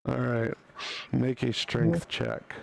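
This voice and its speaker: A man's voice: mid-range voice, completely flat delivery, takes it slowly, creaky. A man running a tabletop game as dungeon master, calling for rolls and describing outcomes.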